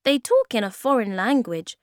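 A woman's voice: a little high, sing-song, moderate pace, no echo, studio quality, pitched above the performer's own voice. A woman voicing a touchy young male creature who speaks in an impatient, sulky way.

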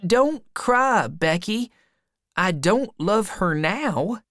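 A woman voicing an eager young boy in love in a storybook reading, a little above her own pitch. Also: lively intonation, extremely slow, a bit bright, no room sound, clean studio sound. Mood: pleading.

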